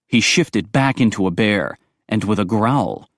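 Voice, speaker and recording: A man with a fairly low voice narrates an audiobook. His storytelling is brisk and expressive, and his pitch rises and falls a great deal. The recording is dry and close. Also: dry recording.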